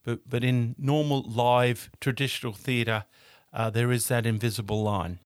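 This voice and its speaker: Smooth-voiced man explaining hesitantly. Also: mid-range voice, steady tone, moderate pace, no room sound, studio quality. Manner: hesitant, with many fillers. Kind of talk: casual explanation.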